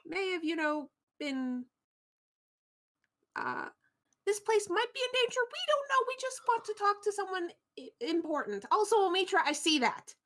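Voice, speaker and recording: A woman's voice: very high-pitched, sing-song, normal speed, fairly bright tone, voice pushed up, full character voice. A woman voicing an exhausted young woman adventurer who rambles through flustered apologies. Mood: apologetic.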